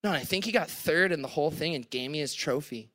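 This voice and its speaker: Bright-voiced Hawaiian man telling a story. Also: on the high side, quick pace. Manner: laughing, breathless retelling with voiced quotes. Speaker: podcast guest. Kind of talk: animated storytelling on stage. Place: live event on stage.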